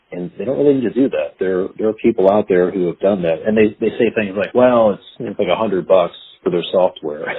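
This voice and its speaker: Low husky-voiced male podcast host. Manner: earnest advice-giving, frequent restarts. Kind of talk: conversational interview. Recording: phone-like lo-fi line.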